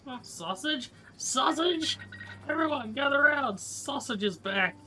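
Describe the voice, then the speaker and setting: A man's voice: very high voice, voice pushed up, exaggerated voice. A man squealing as an overjoyed villager. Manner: squealing, excited, drawn-out. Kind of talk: voicing game dialogue on a live stream. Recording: noisy stream mic with clicks.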